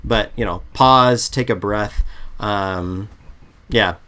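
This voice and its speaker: A man coaching on interview prep in a relaxed, chatty way, often restarting sentences, on a video call. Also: fairly low pitch, takes it slowly, clean tone. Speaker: product management coach. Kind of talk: casual advice chat.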